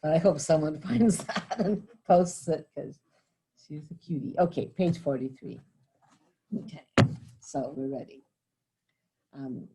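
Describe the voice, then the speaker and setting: Older woman, teacher, low voice, mellow tone, rambling, self-correcting, reads verse aloud. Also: expressive, measured pace, long pauses, breathy edge. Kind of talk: lecture and reading poetry aloud.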